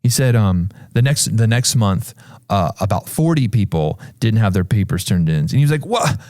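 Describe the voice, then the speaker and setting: A man's voice: moderate pace, no room sound, studio quality. A man talking about faith on a church podcast, telling a story and acting out the people in it with sudden jumps in his voice. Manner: animated storyteller, acts out voices with big pitch jumps. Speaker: pastor. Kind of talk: casual church podcast conversation.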